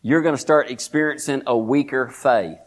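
A man preaching a sermon, folksy and emphatic, dropping to low murmurs and rising to shouts as he talks straight to the congregation. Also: moderate pace.

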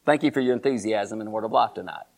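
A man with a Texan accent preaching a sermon, telling the story with animated delivery, putting questions to the congregation. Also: fairly low pitch, rapid-fire, gravelly.

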